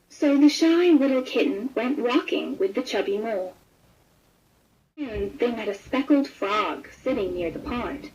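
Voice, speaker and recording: A woman reads a children's storybook aloud, slow and gentle, with a slightly high voice. The recording is muffled and lo-fi, like audio from an old toy. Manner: gentle, expressive read-aloud. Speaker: storybook narrator. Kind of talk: scripted children's story narration.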